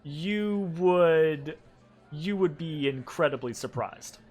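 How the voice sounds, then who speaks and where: A man narrating a tabletop game as the game master in a relaxed, casual way, full of fillers and checks like "right?". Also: a little high, slow pace.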